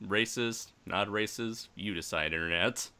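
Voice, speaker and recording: A man's voice: fairly low pitch, unhurried. A man hosting a casual podcast, joking and laughing often with his guests. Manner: animated, laughs often, jokey. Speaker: podcast host.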